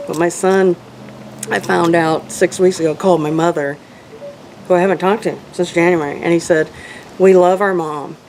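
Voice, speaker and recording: A middle-aged woman, an interview guest, earnestly and emotionally telling a personal story, with halting restarts. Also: lowish voice, steady tone, a little mellow. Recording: noisy background hum.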